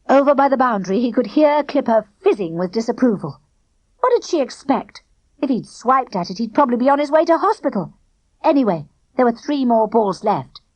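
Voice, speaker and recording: A woman narrating a children's storybook in an animated, expressive way. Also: medium pitch, no echo, rough recording. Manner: animated, acting out the characters. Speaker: audiobook narrator.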